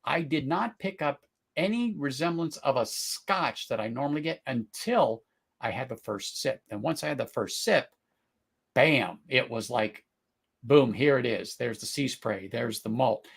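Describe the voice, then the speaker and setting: A middle-aged man hosting a live whisky tasting, talking casually, searching for words, then bursting into excited exclamations. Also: mid-range voice, moderate pace, creaky, breathy edge. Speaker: whisky tasting livestream host.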